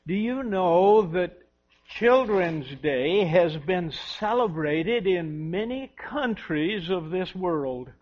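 High-voiced man telling children a story. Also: lively intonation, slow pace. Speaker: preacher giving a children's sermon. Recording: dull lo-fi recording.

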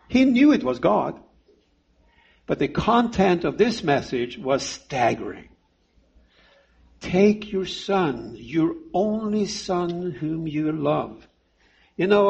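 A middle-aged male preacher delivers a sermon in an unhurried, emphatic cadence. His voice is husky and sits a little high for a man. The recording sounds dull and lo-fi. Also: a little mellow. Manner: slow, deliberate, emphatic delivery with pauses.

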